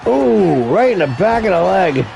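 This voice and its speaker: A man's voice: sits high, a little slow, vocal fry, darkish tone, a little hiss or hum, poor audio. A man calling an amateur wrestling show as commentator, crude and joking, rambling and calling people brother. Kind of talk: profane play-by-play commentary.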